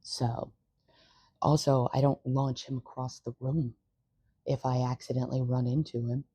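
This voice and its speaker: Husky low-voiced woman vlogging casually. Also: level tone, a little slow, mellow, no room sound. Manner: chatty and rambling, swears casually. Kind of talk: casual chat.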